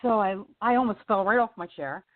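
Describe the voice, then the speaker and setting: A chatty woman tells a story down a tinny phone line, her voice leaping high whenever she quotes someone. The sound is dry and close, with no room around her, and she laughs easily between lines. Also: brisk, no echo. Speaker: singer-songwriter guest. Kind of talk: casual storytelling on a radio interview.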